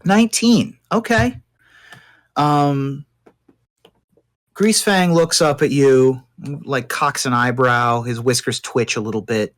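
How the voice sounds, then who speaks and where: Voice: mid-range voice, slow, pauses often. A game master narrating a tabletop game in a rambling way, with many fillers.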